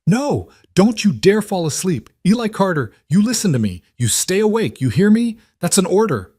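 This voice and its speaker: A man's voice: medium pitch, expressive, unhurried, darkish tone, dry recording, studio quality, voice pushed up, lightly acted. A man doing a desperate cowboy father. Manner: pleading and commanding to keep his son awake. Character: weary, determined frontier cowboy father.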